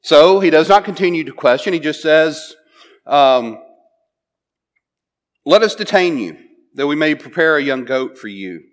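A man's voice: on the high side, expressive, a little slow, pauses often. A man preaching a sermon, retelling a Bible story in a conversational way, often checking in with "right?" and restarting his phrases.

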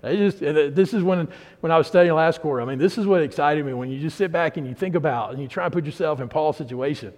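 A man's voice: on the high side, fast talker, darkish tone. A man teaching a Bible study class, retelling scripture conversationally with frequent restarts. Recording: reverberant hall.

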